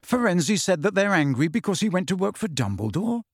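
Casting: a man playing an earnest, anxious teenage boy, a touch higher than his own voice. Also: big pitch swings, brisk, husky, no echo, studio quality, full character voice. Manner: anxious, questioning.

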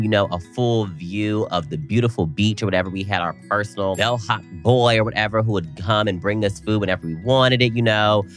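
A man co-hosting a podcast, telling a story in a casual, animated way with playful slang. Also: deep voice. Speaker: podcast co-host. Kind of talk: casual chat.

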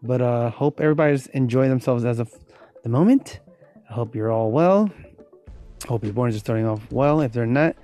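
Casting: drowsy male podcast host, mellow low-key tone, rambling chat. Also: moderate pace, faint music behind. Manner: rambling, thinking aloud. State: sleepy, yawning. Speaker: host of a voiceover show.

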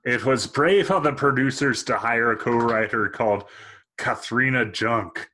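A man's voice: mid-range voice, moderate pace, bright, forceful tone. A man co-hosting a podcast, reading movie reviews aloud in casual chat and laughing often. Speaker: podcast co-host.

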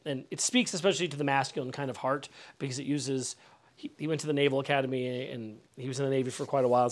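A middle-aged man preaching a teaching sermon in a conversational way, often repeating words and putting questions to his listeners. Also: mid-range voice. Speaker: pastor. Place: house.

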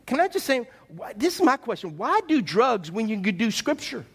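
A man preaching a sermon as pastor, animated and conversational, asking his listeners questions. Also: extremely high pitch, normal speed, breathy edge.

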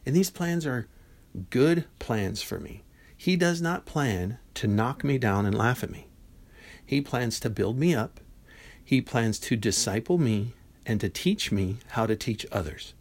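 A man in his fifties talks through his faith on a podcast in a warm, mid-pitched voice. He speaks casually and animatedly, slipping into quoted dialogue as he tells stories. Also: lively intonation, a little slow. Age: 50s. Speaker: podcast host. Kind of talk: Christian devotional podcast talk.

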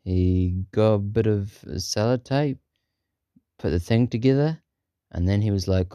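A man's voice: fairly low pitch, moderate pace, dark tone, no room sound. A man casually improvising a silly story for his podcast, rambling with many fillers and chuckling at his own jokes.

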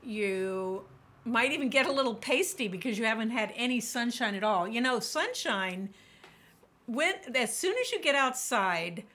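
A woman guest on a podcast, talking about burnout and telling lively stories in which she quotes herself. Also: a little high, normal speed. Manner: animated storyteller, quotes herself vividly. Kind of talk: podcast interview, storytelling.

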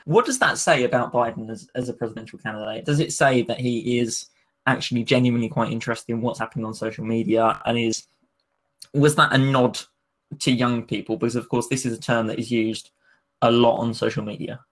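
A man hosting a laid-back podcast, putting questions to his co-host. His voice sits at a middle pitch, and his delivery is conversational and a little hesitant. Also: steady tone, a little fast. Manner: conversational interviewer, poses questions, hesitant with ums. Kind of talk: casual podcast discussion.

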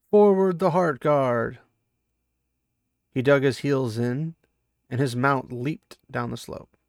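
Man, gravelly voice, dry close sound, mid-pitched, fantasy book reading with chatty asides. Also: no room sound. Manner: reads the battle with rising intensity, then chats excitedly with fans. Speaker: book reader and commentator. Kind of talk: dramatic reading mixed with casual commentary.

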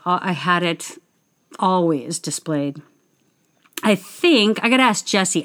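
A woman, a stage performer, casually telling a personal story in a chatty way, interrupting herself and acting out the people she quotes. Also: on the low side.

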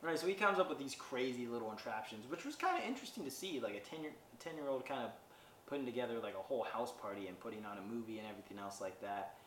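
A man's voice: mid-range voice, animated, quick pace, a bit bright. A man casually recapping a movie on his podcast, rambling with lots of fillers and wry asides. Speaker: podcast host reviewing a movie. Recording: roomy sound, distant from mic, faint background noise.

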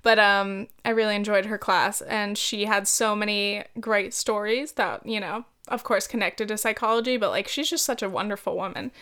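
A woman's voice: mid-range voice, fairly even intonation, normal speed, hardly any pauses, fairly bright tone. A young woman hosting a casual solo podcast, chatting loosely with giggles, rambling asides and casual swearing. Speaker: podcast host. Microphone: podcast mic.

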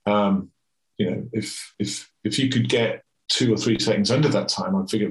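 A man's voice: lowish voice, normal speed. A middle-aged man, a swim coach and father, telling a candid story in a conversational interview. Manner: candid, animated, reflective storyteller. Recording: roomy echo.

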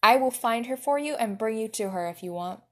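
A woman voicing a gruff, blunt young dragon king who scowls and swears. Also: medium pitch, normal speed, a little mellow, close to an everyday voice.

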